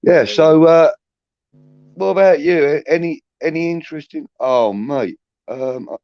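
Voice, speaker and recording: A man's voice: a little high, a little slow, dry recording. A man, casually telling cheeky anecdotes on a podcast and often saying "you know what I mean". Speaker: podcast co-host. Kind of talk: casual storytelling chat. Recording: dull lo-fi sound.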